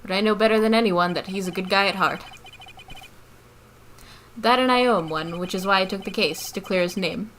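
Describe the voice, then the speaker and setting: A woman voicing a nervous young male rookie defense attorney who narrates his story in a hesitant, low-key way. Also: a little fast, pauses often, a bit bright, a little hiss or hum, close to an everyday voice. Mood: earnest.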